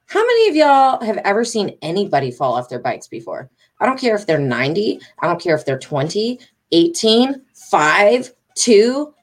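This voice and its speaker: A woman's voice: lowish voice, huge pitch swings, a little fast, darkish tone. A middle-aged woman telling a story casually to her followers, agitated, emphatic and rambling, with swearing. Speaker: vlogger.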